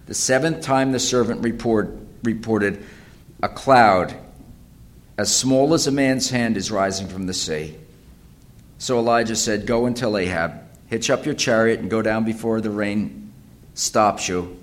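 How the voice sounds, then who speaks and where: A man's voice: on the low side, unhurried. Dramatic male preacher reading scripture. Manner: dramatic, rising to loud cries when quoting prayers; repeats and restarts phrases. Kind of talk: sermon reading and expounding scripture.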